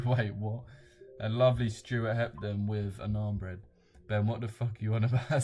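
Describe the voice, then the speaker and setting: A man's voice: on the low side, steady tone, normal speed, a little mellow, a little hiss or hum. A young man hosting a casual livestream, blunt and slangy, swearing freely and chuckling as he reads viewer comments aloud. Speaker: trading livestream host.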